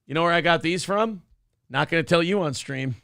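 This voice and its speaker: A man's voice: on the high side, fairly quick, creaky, fairly bright tone, dry recording, clean studio sound. A man co-hosting a casual livestream show, joking crudely and reading viewer comments aloud. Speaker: co-host.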